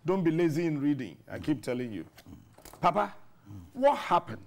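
A Ghanaian morning show host reads passages from a book aloud and lectures his viewers about reading. His voice sits a little high, and his manner is earnest. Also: very animated, normal speed, gravelly. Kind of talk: reading aloud from a book, then interview chat.

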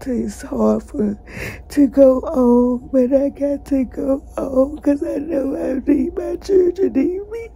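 A woman telling her own ordeal, short of breath, halting and distressed, moving between hushed whispers and tearful outbursts. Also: high-pitched, fairly even intonation, gravelly. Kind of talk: emotional personal testimony.

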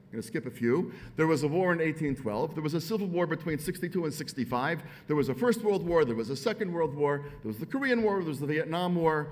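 A man's voice: on the high side, lively intonation, quick pace, few pauses. Emphatic American man giving a speech. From United States. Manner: emphatic, rhetorical repetition. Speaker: author giving a dinner speech. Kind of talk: speech to a live audience.

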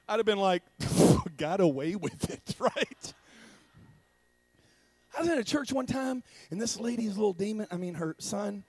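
A man preaching in a church as a traveling evangelist, telling comic stories with acted-out voices and sudden shouted bursts. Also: high-pitched, a little slow, pauses often, dry recording. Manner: animated, acts out voices with loud shouted bursts and laughter. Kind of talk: comedic sermon storytelling.

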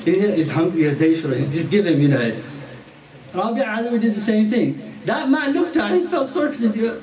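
A man's voice: sits high, lively intonation, brisk, a little mellow. A man giving a playful storytelling sermon in a mosque, teasing the audience and mixing in Urdu and Arabic words. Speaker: preacher. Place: mosque hall. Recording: echoey hall from far off.

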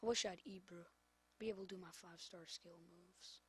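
A woman's voice: on the low side, steady tone, brisk, breathy edge. A woman commentating her own football video game, exasperated and scolding the players on screen. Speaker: gamer. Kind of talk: gameplay commentary.

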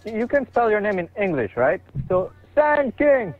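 A man's voice: sits high, a little slow. Playful guy in party chat, bouncy up and down voice, kinda muffled. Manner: lively, playful, laughs a lot. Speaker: gamer friend. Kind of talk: casual chat over voice chat.

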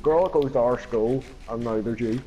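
A man's voice: mid-range voice, moderate pace, warm tone, recorded from a distance, highs cut off, slight background noise. A man asking blunt questions in a casual online gaming chat. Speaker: gamer in party chat.

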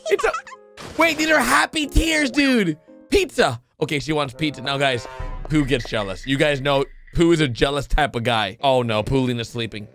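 A man hosting a reaction video, commenting excitedly with sudden high yelps and constant exclamations. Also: normal speed, soft background music.

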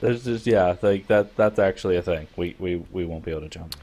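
A man's voice: sits low, fairly quick, dark tone, faint music behind. A young man co-hosting a let's play, teasing his partner dryly while they play. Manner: dry, teasing. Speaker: co-host player. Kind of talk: casual gameplay commentary.

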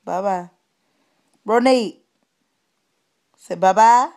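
A woman's voice: medium pitch, takes it slowly, long pauses, darkish tone. A woman filming her baby at home, coaxing her in sing-song baby talk.

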